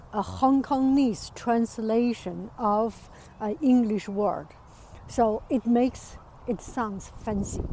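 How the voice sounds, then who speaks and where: A woman from China with a Chinese accent, chatting casually on a walk outdoors, hesitant with many pauses and fillers. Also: on the high side, dark tone, a little hiss or hum, rough recording. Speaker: vlogger. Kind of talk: casual walking chat.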